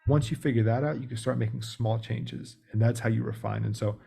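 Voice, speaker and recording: A man, a guest on a podcast, explaining sales techniques in a relaxed, practical coaching way. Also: medium pitch, fairly quick, creaky, husky. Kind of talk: casual explanatory interview talk.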